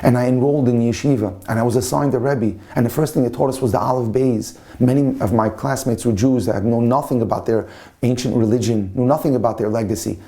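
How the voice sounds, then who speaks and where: A man, a rabbi, telling a story in a passionate, animated storytelling manner. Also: mid-range voice, fast talker. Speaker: rabbi and lecturer. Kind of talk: storytelling talk.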